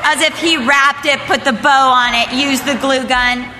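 An older woman telling a family story and preaching at a women's Christmas event, moving from lively storytelling into earnest preaching. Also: high voice, a little slow. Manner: animated storytelling, acting out family voices, then earnest preaching. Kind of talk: storytelling sermon. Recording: reverberant hall with faint background noise.

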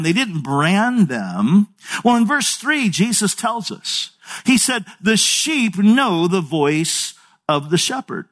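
A man's voice: high-pitched, fairly bright tone. A man in his sixties, a pastor preaching a sermon in a conversational storytelling way with folksy asides.

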